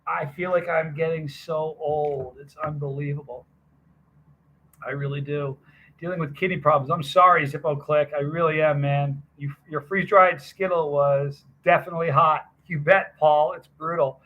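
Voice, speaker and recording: A man's voice: fairly high pitch, fairly even intonation, moderate pace, phone-quality sound. A man live streaming casually, rambling and greeting viewers by name from a hot sauce festival booth.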